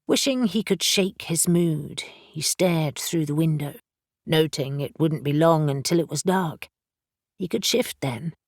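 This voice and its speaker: A woman narrating an urban fantasy audiobook in a steady, measured way on a close studio mic. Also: deep voice, dry recording. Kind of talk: scripted narration.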